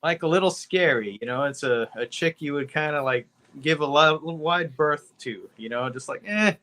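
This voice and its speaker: This man's bright, forceful voice sits fairly high as he talks through a movie review on a podcast he co-hosts. His casual, unhurried delivery rambles, sprinkled heavily with "you know" and casual cursing.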